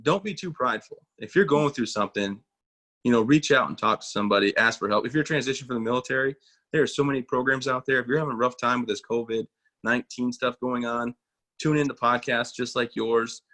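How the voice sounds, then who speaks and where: Quick and sharp-toned, this medium-pitched man is an army veteran in his thirties who works as a motivational speaker. Guesting on a casual interview, he spins folksy stories, pokes fun at himself and acts out quoted voices.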